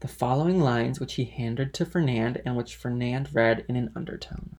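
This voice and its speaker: Male reader, classic novel audiobook, steady and plain. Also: medium pitch, moderate pace, hardly any pauses. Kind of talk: audiobook narration.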